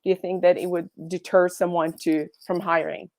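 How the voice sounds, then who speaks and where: A woman's voice: on the low side, little pitch movement, moderate pace, a little mellow, no echo. Hesitant woman moderator with dry sound. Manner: hesitant, lots of restarts. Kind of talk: hosting a round table. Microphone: video call.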